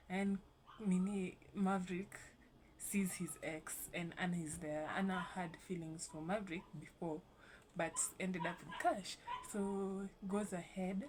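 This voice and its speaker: Young woman, casual rambling vlogger, slightly low voice. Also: darkish tone, slight background noise. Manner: casual, rambling, swears lightly. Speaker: YouTube host. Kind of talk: casual vlog commentary.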